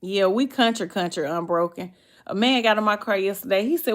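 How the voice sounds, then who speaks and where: A woman's voice: mid-range voice, a little fast. A woman with a Southern US accent, chatting casually on a livestream and answering viewers' comments. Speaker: livestream host.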